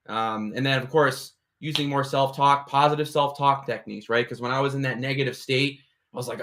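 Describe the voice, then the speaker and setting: A man's voice: medium pitch, brisk, hardly any pauses, fairly bright tone. A young man speaking on an online panel, earnest and casual, sprinkling his talk with "right?" and "you know". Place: online video call.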